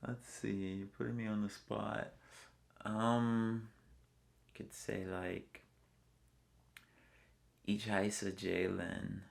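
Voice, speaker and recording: A man's voice: fairly low pitch, fairly even intonation, takes it slowly, vocal fry. An American man talking casually in an interview, rambling and filling his speech with "like" all the time. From United States. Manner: rambling, fills with "like" constantly. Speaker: interviewee, traveler.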